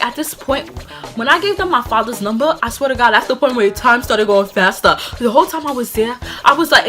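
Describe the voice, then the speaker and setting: Young woman vlogger, high and bright, chatty and animated storytime telling, faint music bed. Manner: animated, rambling retelling full of fillers and laughs. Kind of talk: casual storytime vlog.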